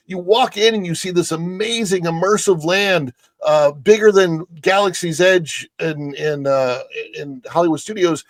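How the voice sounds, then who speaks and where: A man who is a guest on a theme park show, talking in a halting, emotional way with many restarts. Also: sits high, no echo. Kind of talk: casual chat.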